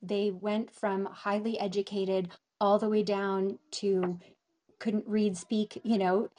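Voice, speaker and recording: A middle-aged woman talks as a guest in a casual interview. Her speech is halting, full of restarts and pauses as she searches for words, in a voice of ordinary middle pitch. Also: level tone, warm tone. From northern Canada. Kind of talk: casual conversation.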